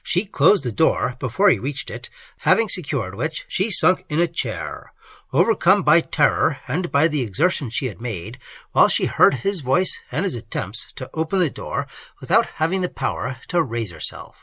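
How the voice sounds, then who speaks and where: Male novel reader, bright husky voice, very lively delivery, dry close sound. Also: mid-range voice, normal speed, no room sound. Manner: expressive, dramatic reading. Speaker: audiobook narrator. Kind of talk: gothic novel reading.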